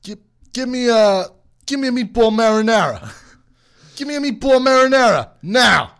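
A man's voice: very high voice, expressive, moderate pace, a bit bright, clean tone, voice pushed up, full character voice. A man putting on a clumsy impression of an Italian mafia boss, stumbling over words and barking orders. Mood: blustering. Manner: faltering, breaking into laughter, barking orders.

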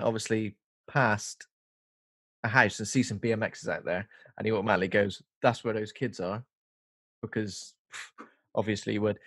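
Man, animated film-chat storyteller. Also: fairly low pitch, husky, no echo. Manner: animated storyteller who acts out quotes. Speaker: podcast co-host. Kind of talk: casual film review chat.

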